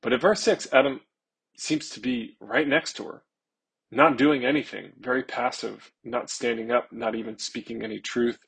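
Husky-voiced man preaching earnestly. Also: mid-range voice, a bit bright, rough recording. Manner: earnest, stretching key words slowly for emphasis. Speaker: pastor. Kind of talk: sermon.

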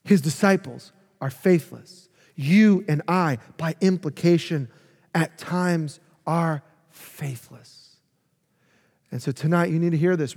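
A male pastor preaching a sermon, emphatic and swinging from loud to hushed. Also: on the high side, long reverb tail.

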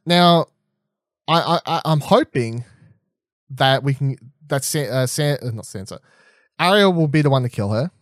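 A young man chatting casually as a podcast co-host, rambling and animated, swearing freely and restarting often. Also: medium pitch, normal speed, pauses often, dry recording, clean studio sound. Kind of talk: casual chat, TV episode predictions.

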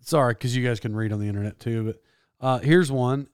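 A man talking in a casual solo monologue. He rambles, restarts and corrects himself, with animated bursts. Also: medium pitch, brisk, smooth, no room sound, clean studio sound.

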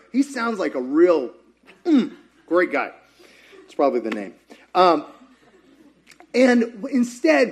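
High-voiced preaching pastor, man. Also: normal speed. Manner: animated, acts out quotes, jokes with co-speaker. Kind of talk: sermon.

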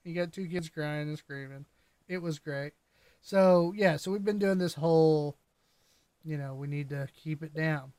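Lively higher-voiced young man storytelling. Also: unhurried, clear, resonant tone, no room sound. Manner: animated storyteller, laughs often. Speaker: podcast co-host. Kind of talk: casual podcast chat.

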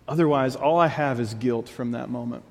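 Male pastor, mid-pitched, earnest confessional sermon, recorded with long hall reverb. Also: normal speed. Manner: earnest, confessional preaching with repeated phrases.

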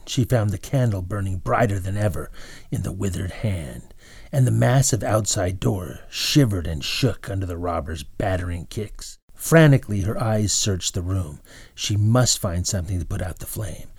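A man's voice: lowish voice, moderate pace, creaky, darkish tone, breathy edge, no echo, clean studio sound. A man narrating a storybook dramatically, dropping into whispers at tense moments.

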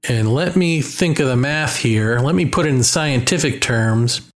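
A man's voice: medium pitch, lively intonation, measured pace. A man talking in a casual monologue, musing and wry, drawing out his points.

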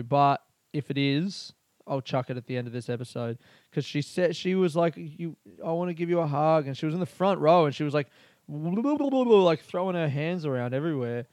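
A man's voice: medium pitch, darkish tone, no echo. A young man, a comedian, talking through a candid, rambling personal monologue full of fillers and swearing. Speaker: comedian podcast host.

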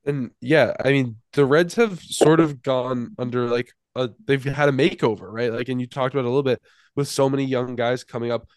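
A man's voice: mid-range voice, no echo. A man co-hosting a podcast, asking long, rambling questions in a loose, casual way. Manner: rambling questions, laughs along often. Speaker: podcast co-host. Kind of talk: casual interview.

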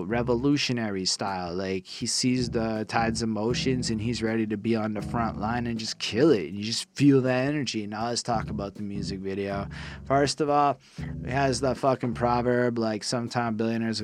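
A young man from Quebec giving a casual, profane review of a rap album, excitable and self-deprecating. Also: medium pitch. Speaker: music reviewer. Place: his room.

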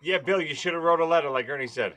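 A man in casual chat, chiming in quickly and running through a list. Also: on the high side, sharp tone. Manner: quick back-channel, reads out a ranked list.

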